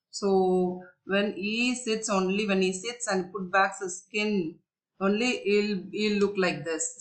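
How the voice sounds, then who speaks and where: A woman's voice: mid-range voice, a bit bright. A woman teacher explaining a story to young children, repeating herself, searching for words and asking them questions.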